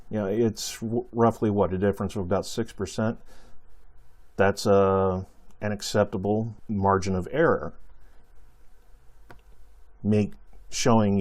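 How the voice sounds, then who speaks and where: A man hosting a woodshop channel, explaining pricing in a relaxed, rambling way with many fillers and self-corrections. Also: lowish voice, slow pace, long pauses. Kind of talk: casual how-to explanation.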